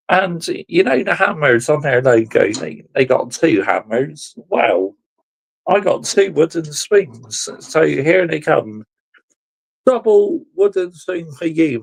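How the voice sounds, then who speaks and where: A man's voice: a little high, vocal fry, breathy edge. A man ranting as a football fan vlogger, exasperated and sarcastic, swearing and repeatedly addressing his viewers.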